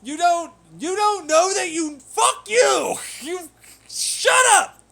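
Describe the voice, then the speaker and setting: A man's voice: measured pace, creaky, pushed and bright, heavily acted. A man putting on the voice of a ranting naysayer he mocks, screaming insults. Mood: shrieking. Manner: screaming insults in a mocking high voice.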